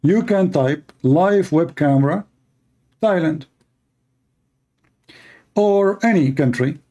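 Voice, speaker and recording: Sarcastic man with a higher voice. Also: slow, dark tone. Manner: sarcastic, mocking, emphatic; non-native English grammar. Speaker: online commentator answering questions. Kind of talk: casual monologue answering viewer questions.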